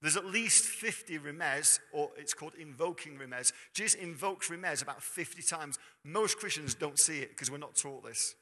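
A man's voice: fairly high pitch, lively intonation, moderate pace, few pauses, bright, forceful tone. A man preaching a sermon in a church, talking conversationally and quizzing the congregation. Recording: long hall reverb.

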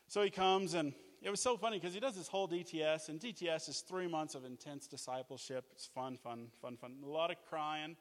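A man from Australia preaching a sermon, energetic and jokey, telling stories and acting out what people said. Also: on the high side, a little fast, hardly any pauses, in a large hall. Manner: energetic, animated, jokey, acts out quotes. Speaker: guest preacher, mission leader. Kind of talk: sermon with storytelling. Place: church.

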